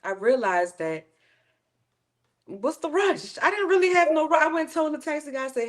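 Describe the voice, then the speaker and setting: A woman's voice: high voice, brisk. A woman, chatting casually and acting out quoted exchanges as she tells stories. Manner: animated storyteller acting out quoted exchanges, laughing often. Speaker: host. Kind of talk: casual chat.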